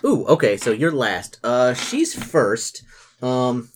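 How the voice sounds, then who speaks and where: A young man narrating as game master in a tabletop game, halting and full of fillers. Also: mid-range voice, sing-song, a little hiss or hum. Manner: halting, many fillers and restarts.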